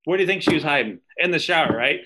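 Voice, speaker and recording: Bright-voiced man telling army stories. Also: a little high, lively intonation, rapid-fire, poor audio. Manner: loose, profane, lots of fillers and asides. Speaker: army veteran guest. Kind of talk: casual storytelling interview.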